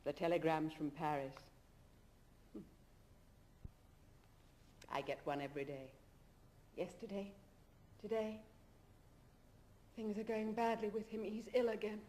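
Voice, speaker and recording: An actress playing an emotional middle-aged aristocratic woman in a 1970s stage drama, swinging between tender coaxing and shrill mockery. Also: fairly even intonation, unhurried, long pauses, dark tone, a little hiss or hum, lightly acted. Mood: wistful.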